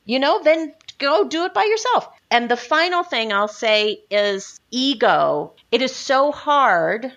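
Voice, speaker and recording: A woman copywriter, a guest on a podcast interview, talking in an animated and emphatic way and repeating her points for stress. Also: sits high, takes it slowly, hardly any pauses, dull audio. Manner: animated, acts out other people's lines in quotes.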